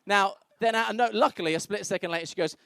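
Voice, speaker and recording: Young guy doing stand-up, crude and brash, kinda high voice, dry sound. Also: quick pace, vocal fry, a bit bright, clear, resonant tone, dry recording. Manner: brash, crude storytelling, acts out other people's voices. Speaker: stand-up comedian. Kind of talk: stand-up comedy set. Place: comedy club stage.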